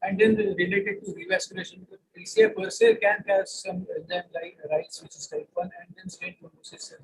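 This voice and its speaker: A man's voice: high-pitched, fairly even intonation, brisk, rough recording. A man giving an online medical lecture over a video call, talking with many hesitations and filler sounds. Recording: patchy video call audio with faint room noise.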